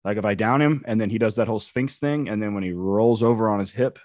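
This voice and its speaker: A man co-hosting a casual podcast chat. His voice sits low, and he tells blunt, profane stories with lots of quoted asides. The sound is dry and close. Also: fast, darkish tone, no room sound. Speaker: co-host, police dog handler.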